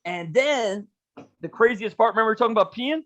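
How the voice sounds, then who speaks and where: Young guy, high voice, podcast co-host; lively, profane, "dude"-heavy storyteller. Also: fast. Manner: animated, slangy, swears, says "dude" constantly. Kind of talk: casual storytelling chat.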